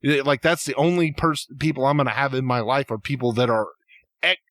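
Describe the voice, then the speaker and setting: A podcast co-host with a fairly bright, mid-range voice chats casually about fan theories on a dry recording. He's halting and keeps restarting, drifting off into tangents.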